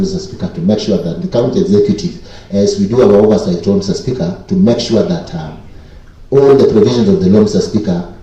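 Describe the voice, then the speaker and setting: A man's voice: deep voice, dark tone, lo-fi sound. A man from Kenya presenting a committee report in a county assembly, formally addressing the Speaker over and over. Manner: repeats 'Mister Speaker' constantly, formal and deliberate. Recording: echoey chamber, distant mic.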